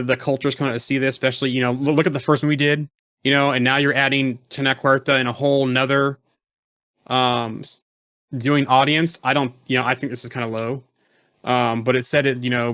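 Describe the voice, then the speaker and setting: A man's voice: medium pitch, fairly bright tone, no room sound, clean studio sound. A man co-hosting a casual podcast chat, rambling with lots of fillers and restarts. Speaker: podcast co-host.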